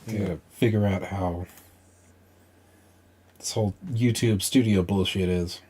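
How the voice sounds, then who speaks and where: With a low, dark voice and fairly even intonation, a man keeps up casual live-stream chatter while playing a video game, speaking at a measured pace. He frequently mutters and swears quietly to himself and his viewers. The sound comes through a desk microphone.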